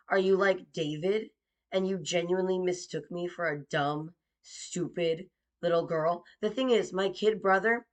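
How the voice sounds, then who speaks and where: Sarcastic young woman telling a story. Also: lowish voice. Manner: sarcastic, mocking and profane. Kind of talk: personal storytelling monologue.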